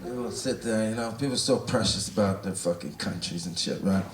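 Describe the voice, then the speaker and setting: A man's voice: on the low side, fairly quick, background noise. A Canadian man doing a profane, ranting stand-up routine and teasing an audience member. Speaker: stand-up comedian. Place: large theatre stage. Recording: echoey theatre, distant, loud crowd laughter.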